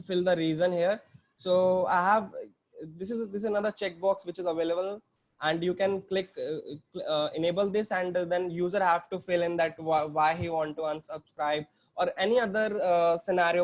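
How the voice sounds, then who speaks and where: A man with an Indian English accent walking through a software demo on a screen share, hesitant, with many fillers and restarts. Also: high-pitched. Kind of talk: screen-share tutorial walkthrough.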